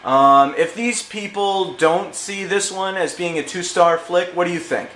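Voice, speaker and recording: A male movie reviewer chats enthusiastically in a casual vlog, full of slang and jokes. His voice is bright and forceful, sitting a bit high. The room is echoey, with a faint hum underneath. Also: a little slow.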